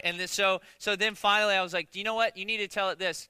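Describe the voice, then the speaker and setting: A man's voice: sits high, fairly even intonation, fast talker, few pauses, pushed and bright, smooth, dry recording. A man preaching a conversational sermon as pastor, joking with the congregation, stumbling into restarts and often asking "right?". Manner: conversational, jokey, many restarts and rhetorical "right?".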